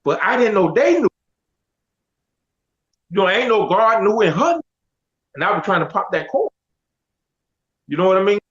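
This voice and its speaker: Middle-aged man, high voice, animated storyteller who acts out the dialogue, dull lo-fi audio. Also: moderate pace, long pauses. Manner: animated, quotes others in dialogue. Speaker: guest telling his life story. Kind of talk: casual storytelling.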